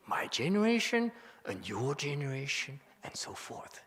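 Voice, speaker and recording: A male monk delivers a Dharma talk at an unhurried pace, his voice bright and forward. He gets emotional and excited, jokes often and restarts his sentences. The sound carries a long reverb from a temple hall. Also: medium pitch. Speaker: Buddhist monk teaching. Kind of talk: Dharma lecture.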